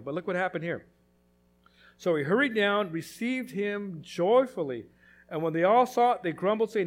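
A man's voice: high voice, lively intonation, normal speed. A man preaching a sermon as pastor, emphatic and repetitive, full of rhetorical questions.

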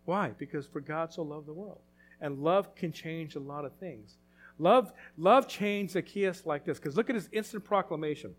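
A man's voice: high voice, lively intonation, normal speed. A man preaching a sermon as pastor, emphatic and repetitive, full of rhetorical questions.

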